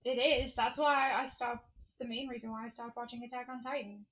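A woman's voice: fairly high pitch, fairly even intonation, fairly quick, fairly bright tone, poor audio. A young woman co-hosting a podcast, chatty and teasing in casual conversation. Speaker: podcast co-host. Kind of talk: casual chat.

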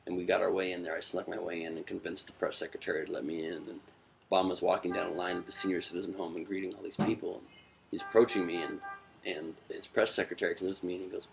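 A deadpan man in his thirties talks casually as a comedian guest. His voice is very deep, with a gravelly rasp. Faint noise sits under the room. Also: fast talker. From United States. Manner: dry, deadpan joking. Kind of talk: casual chat.

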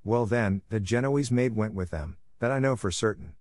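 A man voicing a kind, gray-bearded old gentleman who gives calm, reassuring advice. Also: lowish voice, normal speed, no echo, close to an everyday voice.

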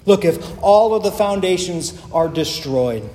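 A man preaching a sermon as pastor, earnest and emphatic, with deliberate pauses. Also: high voice, animated, dark tone, a little hiss or hum. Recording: echoey hall with faint ambience.

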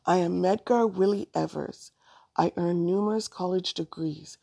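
Woman reading a dignified calm man, storybook reading, measured and earnest, husky, gravelly. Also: fairly low pitch, no room sound, clean studio sound. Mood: solemn.

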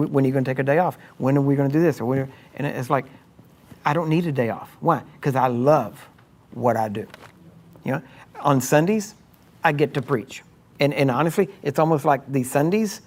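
A middle-aged man preaching a sermon in a conversational way, often asking "Why?" and "Amen?", and at times rising into loud, high exhortation. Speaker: pastor.

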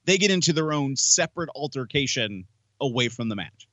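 A man from Northeast Pennsylvania co-hosting a casual podcast, talking in a measured way with fillers. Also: medium pitch, animated, fairly bright tone, dry recording, highs cut off. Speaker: podcast co-host. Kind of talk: casual wrestling chat.

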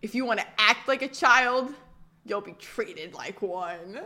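A woman voicing an exasperated, weary male teacher who swears and mutters in a low voice. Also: expressive, unhurried, sharp tone.

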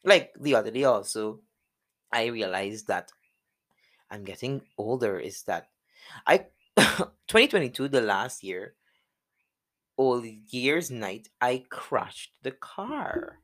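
A young man with a Guyanese accent chats casually on his podcast, telling a personal story. His voice rises and falls a lot, and he laughs often as he talks. He sits at a middle pitch for a man. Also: slow. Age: young adult. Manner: animated, laughs often, jumps into high voices when quoting people. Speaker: podcast host.

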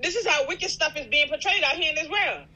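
A woman co-hosting a casual faith podcast, telling animated stories, acting out dialogue and laughing often. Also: sits high, fast talker. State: out of breath at times. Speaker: podcast co-host.

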